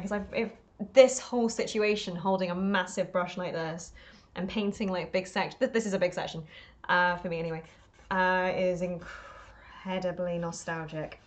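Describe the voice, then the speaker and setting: A woman's voice: fairly low pitch, steady tone, normal speed. A woman chatting on a live stream while she paints, rambling and talking to herself, self-deprecating and laughing often.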